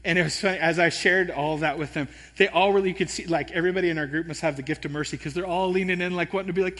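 A man pastor preaching a sermon, telling an animated, self-deprecating story. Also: high voice, fast. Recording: long hall reverb.

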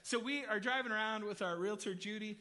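A man preaching a sermon, telling personal stories in an animated, chatty way and speaking straight to the congregation. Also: high-pitched, fairly quick. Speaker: pastor.

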